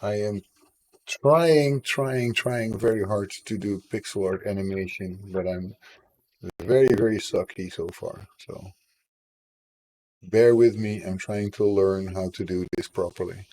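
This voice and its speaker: A man with a sore, husky throat, chatting casually with viewers on a live stream while he draws, self-deprecating about his work. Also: fairly low pitch, fairly even intonation, unhurried, a little mellow, low-quality recording.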